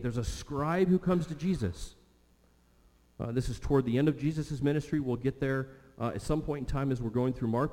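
Preacher with a mellow voice in a big hall. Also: male voice, mid-range voice. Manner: emphatic, repeats phrases for stress. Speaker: pastor. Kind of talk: sermon. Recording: long hall reverb.

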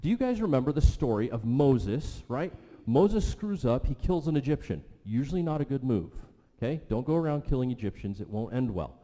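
Mellow-voiced man preaching in a hall. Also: mid-range voice, sing-song, brisk, hardly any pauses. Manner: conversational, repeats okay and right. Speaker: pastor. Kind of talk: sermon teaching with audience questions. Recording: long hall reverb.

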